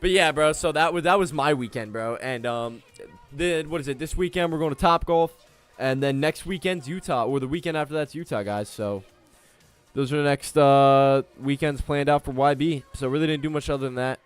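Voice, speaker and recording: A man's voice: fairly high pitch, normal speed, clear, resonant tone. Young man, casual streamer, chatty and joking, faint music under the voice. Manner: chatty, joking, talks straight to viewers. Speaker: livestreaming day trader. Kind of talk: casual live stream chat.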